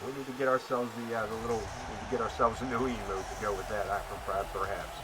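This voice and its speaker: A man's voice: fairly low pitch, fairly even intonation, fast talker, noisy background. Rambling, jokey male streamer. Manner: rambling, full of fillers and restarts, jokey. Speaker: streamer commentating a wrestling game. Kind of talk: casual chat.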